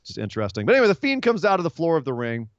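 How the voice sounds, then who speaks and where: A man co-hosts a casual wrestling podcast and recounts the show with lively, animated storytelling. His voice sits a little high. The sound is dry and muffled, like a lo-fi mic. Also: racing, no echo. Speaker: podcast co-host.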